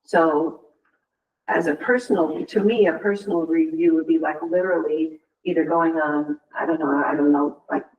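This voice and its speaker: A man's voice: a little high, fairly even intonation, normal speed, narrow, tinny audio. A man on a school committee asking probing questions in a hesitant, casual way. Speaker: committee member. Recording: echoey room, distant mic, faint background noise.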